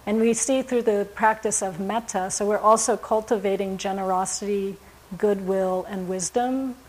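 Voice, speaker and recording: A woman giving a Buddhist dharma talk, speaking in a gentle, reflective way with frequent pauses and fillers. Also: medium pitch, steady tone, poor audio. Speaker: Buddhist teacher.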